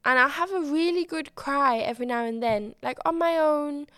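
A woman's voice: sits high, moderate pace, fairly bright tone, dry recording, clean studio sound. A woman hosting her own podcast, chatting candidly and expressively and swearing freely. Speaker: podcast host. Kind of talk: casual solo podcast chat.

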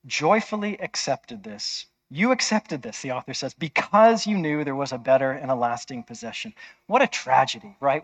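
A man's voice: medium pitch, expressive, moderate pace. A man preaching a sermon in an emphatic, conversational way, often checking with listeners.

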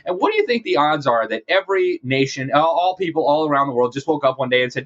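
A man's voice: on the high side, lively intonation, fast talker, few pauses. A man from South America hosting a political commentary show, emphatic and scornful, often addressing listeners as folks. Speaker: guest host. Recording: dull lo-fi sound.

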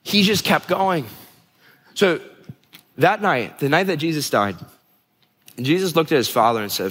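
A man's voice: fairly high pitch, lively intonation, measured pace, pauses often, a bit bright, breathy edge. A young man preaching a sermon, earnest and confessional, often restarting his sentences. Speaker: pastor. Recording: long hall reverb.

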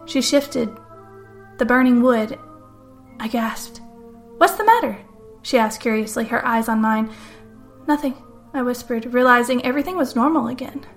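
A woman telling a first-person story in scripted narration, calm and measured. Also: fairly high pitch, faint music behind.

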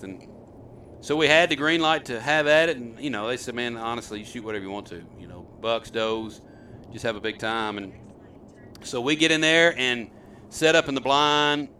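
Bright-voiced chatty hunting dad. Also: male voice, mid-range voice, slight background noise. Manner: chatty and rambling, quizzing his sons. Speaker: host, hunter and father. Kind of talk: casual storytelling to camera.

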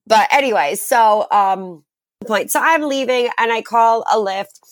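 A woman's voice: fairly high pitch, measured pace, no echo, clean studio sound. A young woman co-hosting a podcast, telling a story in casual, profane chat. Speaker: podcast co-host.

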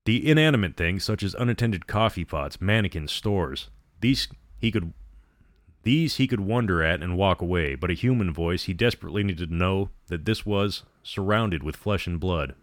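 A man narrating a story in a measured, dramatic reading. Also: sits low, lively intonation, no room sound, studio quality.

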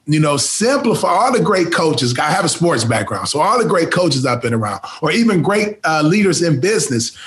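A male interview host in casual conversation, with a somewhat high-pitched voice. He hesitates often, filling gaps with "um" and "uh" and restarting his sentences. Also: fairly bright tone. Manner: hesitant, with many fillers and restarts.

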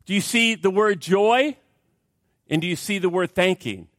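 An emphatic preacher giving a sermon, his voice pitched a little high for a man. He tells a story and leans hard on key words, often turning to ask his listeners questions. The sound is dry and close, with no echo. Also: normal speed, fairly bright tone. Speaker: pastor.

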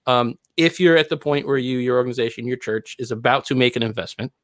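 A man's voice: medium pitch, fairly even intonation, fast talker, dry recording. Man giving earnest advice, dry sound. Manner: earnest, lecturing on a soapbox. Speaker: podcast host. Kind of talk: casual podcast chat.

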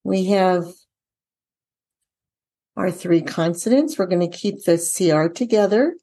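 A middle-aged woman who trains dyslexia teachers, walking through a spelling lesson out loud and asking the viewer questions as she goes. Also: lowish voice, slow, breathy edge. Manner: talks herself through each step, asks viewers questions. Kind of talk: casual instructional walkthrough.

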